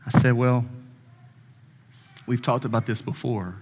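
A pastor in his thirties tells a personal story from the pulpit in a folksy, conversational way. He acts out the other person's lines as he goes. His mid-pitched voice rings out with the long reverb of a church hall. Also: fairly even intonation, measured pace, darkish tone. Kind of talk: sermon with storytelling.

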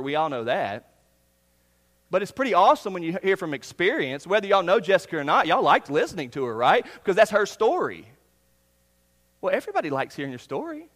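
A male pastor preaching a sermon, earnest, swinging from loud emphasis down to hushed, near-whispered lines. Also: on the high side. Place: church sanctuary. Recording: long reverb of a church hall.

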